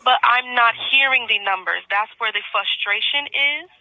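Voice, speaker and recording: A woman's voice: a little high, moderate pace, bright, forceful tone, no room sound. A woman working as a call agent who politely repeats herself with patient insistence over the phone. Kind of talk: scripted customer-service phone talk. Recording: dull, dry phone line.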